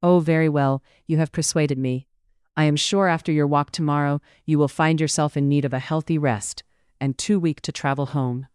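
A narrator plays a spirited young lady from a period storybook, wry and teasing. The voice comes through smooth and clear. It is recorded close and dry. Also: medium pitch, steady tone, moderate pace, a little mellow, no room sound, natural voice. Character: witty, spirited young gentlewoman. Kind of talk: audiobook character reading.

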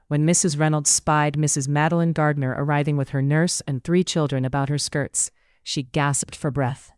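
An audiobook narrator reading a period novel in a measured, even storytelling manner, recorded on a studio microphone. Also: mid-range voice, clean tone, no room sound. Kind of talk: scripted narration.

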